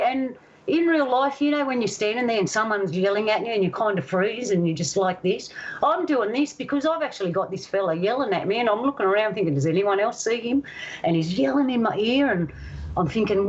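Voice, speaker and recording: A woman from Australia telling a personal story in a casual, animated way, acting out the voices of the people in it. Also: mid-range voice, highs cut off. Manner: animated, acts out voices in stories. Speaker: guest storyteller.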